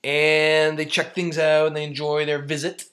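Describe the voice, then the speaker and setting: A man's voice: fairly high pitch, monotone, moderate pace, a bit bright. A man co-hosting a comedy podcast, playful and rambling, musing about trivia in casual banter. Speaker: podcast co-host.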